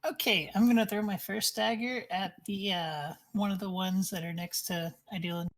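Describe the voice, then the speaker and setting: A woman plays in a tabletop game, chatting eagerly as she plans her turn. Her voice sits at a medium pitch. She talks casually with the others. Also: steady tone, normal speed. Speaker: player.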